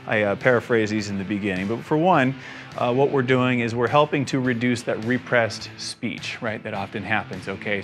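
A man's voice: on the low side, a bit bright. A young man, a fitness instructor, leading a guided exercise class with encouraging cues and frequent check-ins.

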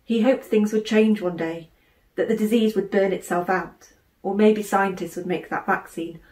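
A woman, an author, reading her children's novel aloud in measured, expressive narration. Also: mid-range voice. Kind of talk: audiobook narration. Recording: roomy room echo.

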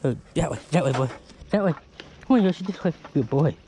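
A man's voice: a little high, expressive, a little fast, dark tone, a little hiss or hum. A man vlogging in the woods, chatting casually, talking to his dog and swearing now and then. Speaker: bushcraft vlogger. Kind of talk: casual vlog talk. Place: outdoors in the woods.

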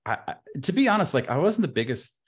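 A man in his fifties, a podcast guest telling an anecdote in an animated way, with frequent stammered restarts. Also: on the high side, fast, husky. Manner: stammering restarts, lively and expressive.

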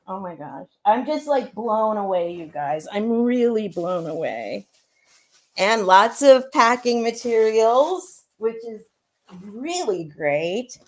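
A woman's voice: fairly high pitch, very animated, takes it slowly. A woman vlogger chatting casually on a livestream, gushing and rambling, teary after crying. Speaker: vlogger opening gifts.

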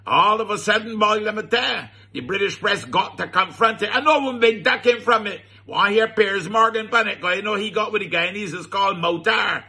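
Bajan guy doing comic gossip commentary, laughs a lot, high husky voice. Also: bright, forceful tone. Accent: Barbadian. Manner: chuckling, mock-scandalized, drawn-out "well, well, well". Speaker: radio comedy commentator.

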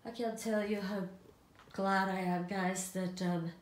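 A woman's voice: medium pitch, fairly even intonation, measured pace, echoey room. An older woman, a doll collector, chatting in a rambling, affectionate way, a little breathless. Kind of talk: casual chatty vlog. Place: room in her apartment.

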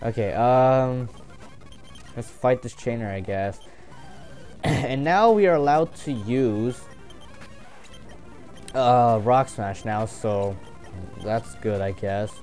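A young man talks through his game in loose, excitable commentary, swearing freely and cracking jokes to himself. His voice sits at an ordinary middle pitch. Faint game music plays under him. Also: slow pace, long pauses. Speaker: gameplay commentator. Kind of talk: casual gameplay commentary.

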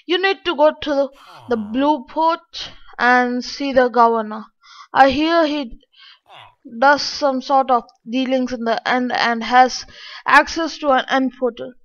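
A woman's voice: high voice, measured pace. A woman reading out the lines of a helpful old male wizard in a game story. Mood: explaining. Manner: helpful, explaining. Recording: dull lo-fi.

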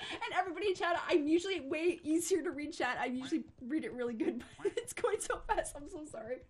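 A woman's voice: sits high, lively intonation, fairly quick, darkish tone. A woman livestreamer, overwhelmed and close to tears, gushing thanks over and over to her chat. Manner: gushing, repeats thanks and exclamations. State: emotional, near tears. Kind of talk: overwhelmed thank-you on a live stream.

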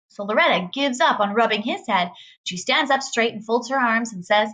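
A woman's voice: on the high side, a little fast, a bit bright. A woman reading a novel aloud in a casual, conversational first-person narration. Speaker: reader.

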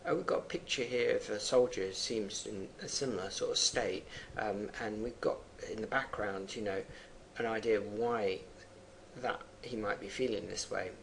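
Gravelly man explaining a poem. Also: fairly low pitch, fairly even intonation, moderate pace, slight background noise. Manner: unscripted, thinking aloud with fillers between readings. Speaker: teacher.

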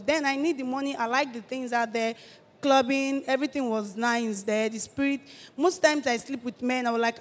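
An eighteen-year-old woman with a Nigerian accent gives a halting personal testimony, often restarting her phrases. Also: fairly high pitch, long reverb tail. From Delta State, Nigeria. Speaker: testifying church guest.

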